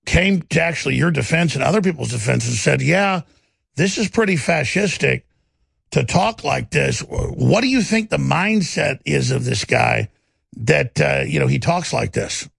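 A male talk show host in heated political talk, with a gravelly, raspy voice and rapid, insistent ranting. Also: a little high, lively intonation, fairly bright tone, no echo.

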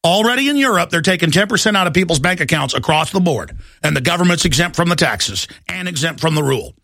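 A man hosting a talk radio show, ranting urgently and often rising to shouts, with heavy repetition. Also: on the high side, very animated, fast, vocal fry, dry recording, clean studio sound. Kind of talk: impassioned talk radio monologue.

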